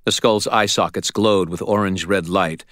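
A man narrating a first-person audiobook in a steady, dramatic way, recorded close on a studio mic. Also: sits low, normal speed, no echo.

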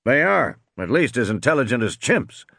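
A man voicing a gruff, drunken male game warden who bellows and blusters. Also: mid-range voice, sing-song, moderate pace, dry recording, studio quality, full character voice. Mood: bellowing. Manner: loud, bellowing.

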